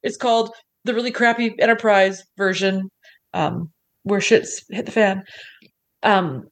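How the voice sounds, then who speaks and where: Here a podcast co-host recaps an episode over a video call. Her medium-pitched voice moves a little slowly, and the chat is playful, casual and packed with fillers.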